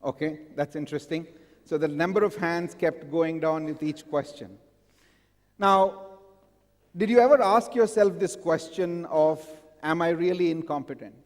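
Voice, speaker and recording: A man speaks in a fairly high voice to a live audience in a large hall. He often stops to ask the crowd questions. A long reverb trails after his words. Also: unhurried, darkish tone. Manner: engaging, asks the audience frequent questions. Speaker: conference speaker. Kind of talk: live conference talk.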